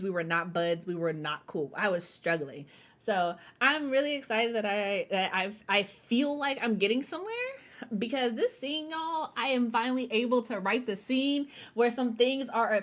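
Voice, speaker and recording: A woman's voice: on the high side, a bit bright. A woman hosting a writing sprint livestream, wired on caffeine, chatty and hyper, laughing often and talking to her viewers as y'all. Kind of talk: casual livestream chat.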